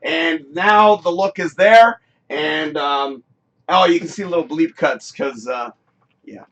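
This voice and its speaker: Male host for a home-studio live show: high, bright voice, loose rambling delivery, curses and shouts freely. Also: slow pace. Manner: rambling, excitable, swears freely, bursts into shouts. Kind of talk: casual live-stream chat.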